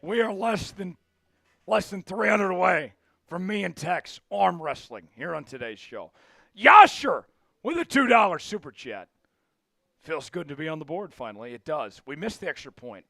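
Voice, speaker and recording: Excitable high-voiced man calling plays. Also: normal speed, creaky, dry recording, clean studio sound. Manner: excitable, shouts big plays. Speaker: livestream sports host. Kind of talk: live play-by-play watch-along.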